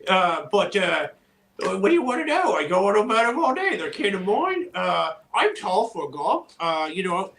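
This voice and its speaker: A man's voice: high voice, very animated, moderate pace, a bit bright, a little hiss or hum, exaggerated voice. A man voicing a tall, easygoing male goblin with ogre blood, who rambles with lots of "uh" and "you know" in a livestream interview. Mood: rambling.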